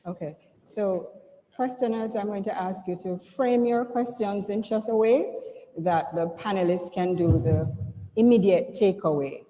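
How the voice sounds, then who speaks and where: Warm-toned woman moderating a conference. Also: medium pitch, long reverb tail, poor audio. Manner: rhetorical, measured. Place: conference hall.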